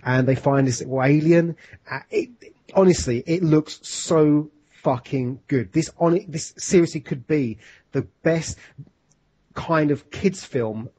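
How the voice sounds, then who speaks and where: A man chatting as co-host of a film podcast, rambling and keen, swearing freely as he talks. His voice is clearly husky. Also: fairly high pitch, measured pace, mellow. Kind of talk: casual chat.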